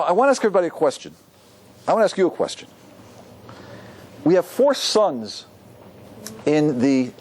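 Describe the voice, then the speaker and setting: A rabbi giving a lively Torah class to an audience, often asking them questions. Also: male voice, a little high, a little hiss or hum. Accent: Ashkenazi Hebrew pronunciation.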